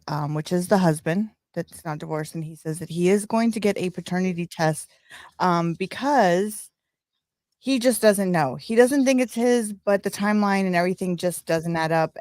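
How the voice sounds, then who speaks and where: A woman's voice: fairly low pitch, normal speed, darkish tone, no room sound. Lady on a podcast running through news updates, um-ing a lot, dry close mic. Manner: relaying updates with fillers. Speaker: podcast co-host presenting news. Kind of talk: casual chat.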